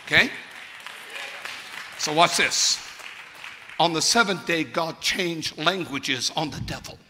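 In a church sanctuary with long reverb, a pastor preaches a sermon, fervent and conversational, firing rhetorical questions at his congregation. His voice is on the high side, unhurried, bright and forceful, with a faint crowd and slight background noise.

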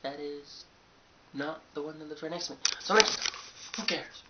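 A young man, a college student, telling a sarcastic, animated story in a casual vlog from his dorm room. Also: on the high side, fast talker. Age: young adult. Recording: dull lo-fi webcam audio with hiss.

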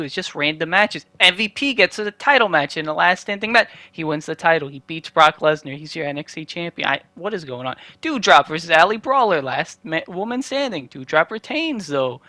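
A young man runs through a video game recap in quick play-by-play, tossing in dry asides. His voice sits a bit high and sounds bright and forward, recorded close and dry with no room sound. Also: no room sound. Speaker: gaming channel host. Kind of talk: casual game commentary recap.

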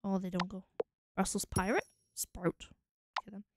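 A woman's voice: mid-range voice, steady tone, moderate pace, very noisy. A Scottish woman streaming a game, musing aloud as she tries out combinations. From Scotland. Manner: musing, trying combinations out loud. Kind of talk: casual thinking aloud while playing.

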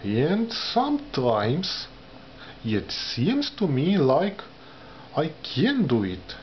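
Male vlogger with a non-native accent, deliberate halting delivery, voice leaping from low to high, dull lo-fi recording. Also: wildly swooping pitch, a little hiss or hum. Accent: non-native English speaker. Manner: slow, halting, carefully pronounced phrases; wide pitch swings from low murmurs to high emphasis. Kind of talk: talking to camera about learning a language. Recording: dull lo-fi sound with faint ambience.

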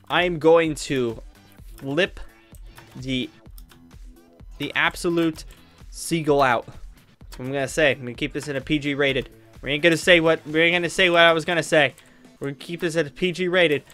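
Irritable young male streamer, slightly high voice, mumbling commentary with sudden outbursts, faint game music under it. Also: fast talker, bright, forceful tone. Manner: frustrated, talks to himself, swings between mutters and outbursts. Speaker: gaming youtuber. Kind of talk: gameplay commentary.

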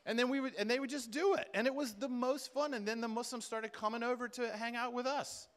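A man speaking at a Christian conference, telling stories in an animated way and acting out conversations. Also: extremely high pitch, fairly quick. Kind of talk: storytelling sermon talk.

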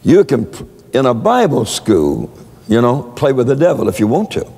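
A man's voice: mid-range voice, big pitch swings, normal speed, gravelly, dark tone, slightly rough, big-room sound. A man preaching a sermon, telling stories with many stammered repeats. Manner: storytelling with frequent stammered repeats.

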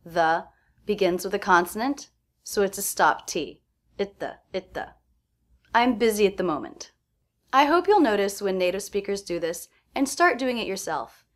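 A woman teaches pronunciation in a clear, precise way. She speaks at a measured pace and repeats each sound she shows, the way a scripted lesson is delivered. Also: medium pitch.

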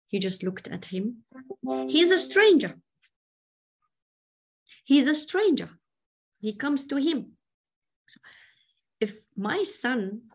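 Slow-talking woman teaching a religious lesson. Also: mid-range voice. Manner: animated storytelling, acts out quoted speech. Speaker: Islamic teacher.

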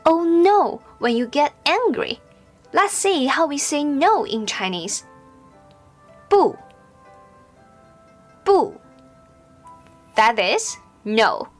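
Slow, high-voiced woman teaching pronunciation. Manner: slow, careful, clearly enunciated with drawn-out example syllables. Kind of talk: scripted instructional narration.

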